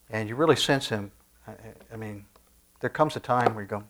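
A man preaching a sermon in a conversational way, with frequent restarts and soft asides. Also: fairly low pitch, brisk. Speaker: pastor.

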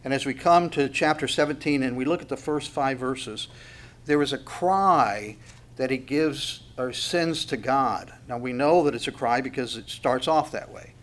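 A man's voice: medium pitch, normal speed, fairly bright tone. A male pastor preaching a sermon in a conversational way, repeating words and adding chuckling asides.

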